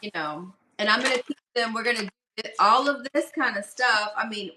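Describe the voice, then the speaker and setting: A woman's voice: on the high side, normal speed, background noise. A woman hosting a casual live craft stream, telling a story in a chatty way and acting out what people said. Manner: chatty storytelling, acts out quotes. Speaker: host. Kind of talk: casual livestream craft chat.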